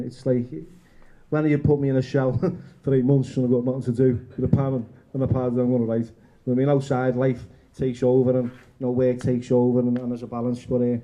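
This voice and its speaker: At a bookshop event, an Englishman tells candid stories and reads aloud from his own book, frank and self-mocking, chatting with lots of fillers. His voice is medium-pitched and mellow, and the highs are cut off.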